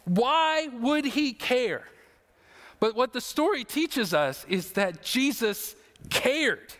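A male pastor preaching an earnest, emotional sermon with slow, emphatic phrases. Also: very high voice, big pitch swings, fairly bright tone, big-room sound.

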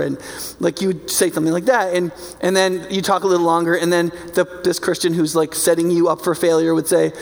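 A male preacher with a high, gravelly voice delivers a sermon in a conversational, emphatic way. He keeps checking in with his listeners as he talks. His voice rings out with a long hall reverb. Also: flat delivery, fairly quick.

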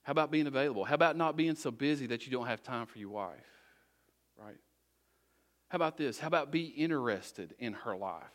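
A man's voice: mid-range voice, animated, brisk. A middle-aged man preaching a sermon as a pastor, talking conversationally and repeating short exhortations.

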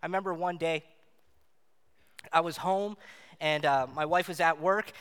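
Man, preacher, high bright voice, clear and smooth, animated storytelling, reverberant hall. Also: a little slow. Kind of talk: sermon storytelling.

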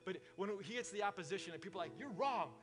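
A man's voice: sits high, rapid-fire, over music. A man preaching a sermon in a casual, conversational way, full of fillers, in a church service held in a warehouse. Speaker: pastor.

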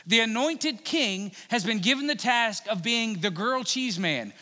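A man's voice: very high-pitched, expressive, measured pace, hardly any pauses, bright, forceful tone. A man preaching a sermon, retelling a Bible story in a casual, joking way. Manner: conversational, humorous Bible storytelling. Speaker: pastor. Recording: long hall reverb.

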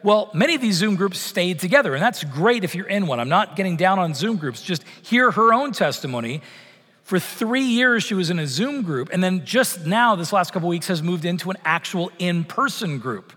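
Middle-aged canadian guy preaching, pretty high voice, chatty with lots of restarts, long churchy echo. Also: expressive, moderate pace, sharp tone. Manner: conversational preaching with many fillers and restarts. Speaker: pastor. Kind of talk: sermon. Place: church sanctuary.

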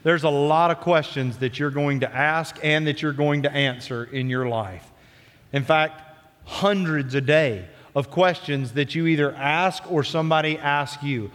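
A man's voice: fairly high pitch, a little slow, fairly bright tone. A male pastor preaching a sermon in a church, earnest and building on repeated phrases. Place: church sanctuary. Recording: long church reverb.

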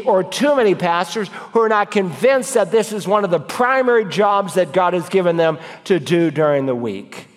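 A middle-aged man preaching an expository sermon, emphatic and building to forceful exhortation. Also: high voice, in a large hall.

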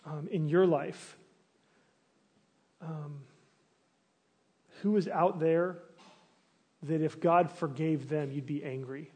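A man's voice: on the high side, slow pace, long pauses, husky. A man preaching a sermon in a conversational way, asking the congregation searching questions and sometimes acting out complaints with animation. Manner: restarts and fillers, animated when acting out complaints. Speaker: pastor.

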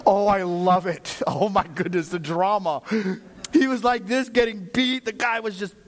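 A middle-aged man with a high voice preaching a sermon. He tells stories in a lively way and bursts into shouts for emphasis. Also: normal speed. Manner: animated storytelling, shouting for emphasis. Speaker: pastor.

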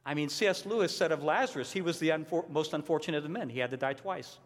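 Man, pastor, sermon, earnest and emphatic, fairly high voice, long hall reverb. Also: fast. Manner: earnest, emphatic, repeats key points.

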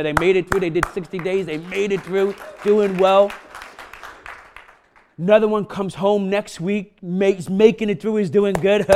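Male pastor, slightly high voice, casual sermon with emphatic builds. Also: darkish tone.

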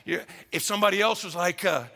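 Animated high-voiced man preaching in a hall. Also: fast talker, vocal fry. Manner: animated, acts out quoted voices. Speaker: pastor. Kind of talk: sermon.

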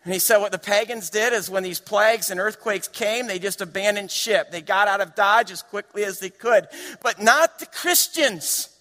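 A male pastor delivers a sermon in a fairly high, bright voice that carries. He moves between quiet storytelling and passionate, shouted climaxes. The sound has the long reverb of a large church hall. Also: steady tone, fairly quick, few pauses. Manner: building to impassioned shouts, varied pacing.

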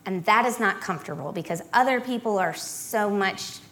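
A woman giving a personal testimony as a guest speaker, telling her story in a dramatic, animated way. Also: mid-range voice, moderate pace, slight background noise.

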